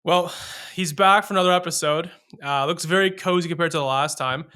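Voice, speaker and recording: Host, male, higher bright voice, relaxed and joking, casual swearing. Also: a little fast, clean tone. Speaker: podcast host. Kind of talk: casual interview chat.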